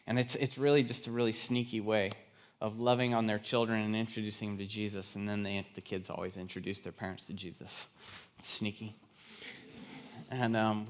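A man preaching as a guest speaker in a church, telling a story and acting out the people's voices. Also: on the low side. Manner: animated storyteller acting out quotes. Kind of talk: sermon with storytelling. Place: church stage.

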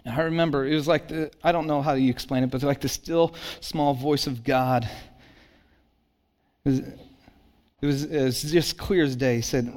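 A middle-aged man preaching a sermon, telling a personal story with animated swings between excitement and hushed intensity. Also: mid-range voice, moderate pace, pauses often. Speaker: pastor.

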